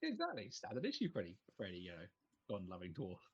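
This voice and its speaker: A man voicing a blunt, gruff male dwarf who loves guns, in a tabletop game. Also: deep voice, huge pitch swings, fast talker, dull audio, heavily acted.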